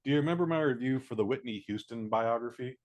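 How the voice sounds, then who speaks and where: A man giving a casual spoken movie review, blunt and profane, acting out scenes in quick little voices. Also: medium pitch. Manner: blunt, profane, animated, mimics characters.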